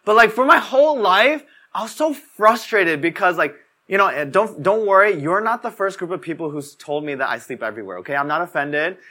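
A man's voice: sits high, expressive, fairly quick, pushed and bright. A young man giving a casual, conversational sermon, telling stories and filling his talk with "like". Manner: casual storytelling, fills talk with "like". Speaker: preacher.

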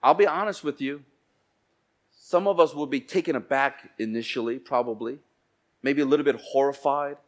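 A male pastor delivers a sermon in church with a mid-range voice. He moves between quiet, slow passages and loud outbursts, and performs the voices of people he quotes.

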